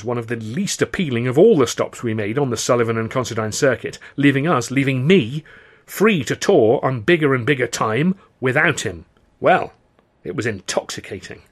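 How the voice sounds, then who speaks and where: A man reading his own novel aloud as audiobook narration, with a steady, wry storytelling manner. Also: medium pitch, breathy edge.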